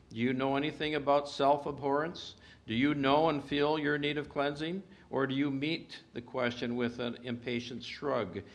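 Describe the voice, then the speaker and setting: A man preaching a sermon in an earnest manner, reading scripture aloud with emphatic rises and hushed drops. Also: mid-range voice.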